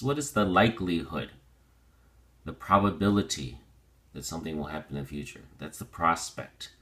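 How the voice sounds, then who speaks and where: Low, bright-voiced male teacher. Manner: slow, deliberate pronunciation drills; explains with repetition and restatement. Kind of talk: vocabulary lesson.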